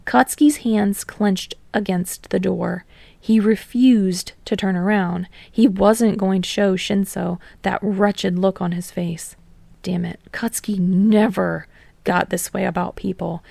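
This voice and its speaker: Brief: woman audiobook narrator, mid-pitched, slight vocal fry, dry close mic. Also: steady tone, measured pace, dark tone, no room sound. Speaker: podfic reader.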